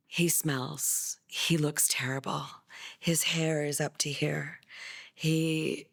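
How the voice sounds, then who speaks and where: A middle-aged woman from California telling a personal story, unhurried and halting, with many pauses and fillers. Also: rumbling low. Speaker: interviewee, mother.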